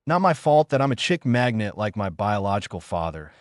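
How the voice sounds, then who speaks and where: A man's voice: lowish voice, very animated, fairly quick, dry recording, studio quality. A man voicing a confident teenage boy ninja explaining himself in a storybook reading. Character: brash teen male ninja, self-assured.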